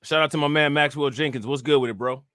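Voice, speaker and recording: A man's voice: fairly high pitch, fairly even intonation, fast, a bit bright, no room sound, studio quality. A young man, ranting profanely on a livestream and firing off repetitive rhetorical questions to his chat. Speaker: livestream political commentator. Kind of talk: casual livestream rant reacting to chat.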